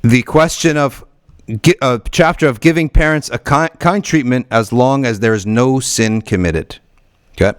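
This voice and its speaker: A man teaching a weekly religious study circle, reading Arabic passages quickly and then explaining them in English, with frequent restarts. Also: medium pitch, dry recording, studio quality. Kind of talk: conversational religious lesson.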